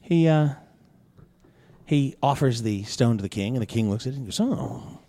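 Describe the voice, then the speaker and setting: A man narrating a tabletop role-playing game as game master, who gives the players brisk directions. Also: mid-range voice, mellow, no room sound. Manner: voices the king's advisor in character, brisk table directions.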